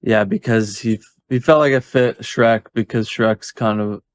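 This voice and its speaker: Man, relaxed podcast co-host, casual swearing, dry close mic. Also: lowish voice, a little slow, no echo. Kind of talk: casual chat.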